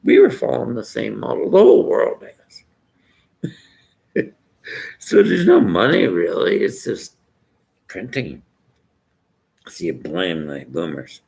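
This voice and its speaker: A man's voice: low-pitched, huge pitch swings, takes it slowly, creaky, long pauses, a little mellow. An older man with an Irish accent, rambling through an abrasive, jokey rant to his followers. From Ireland. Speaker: vlogger.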